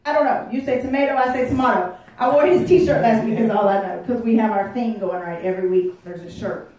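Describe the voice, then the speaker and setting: A woman's voice: medium pitch, a little fast, mellow. A woman pastor preaching a sermon in a church, folksy and conversational, joking with the congregation. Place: church sanctuary. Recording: echoey room, voice heard from a distance.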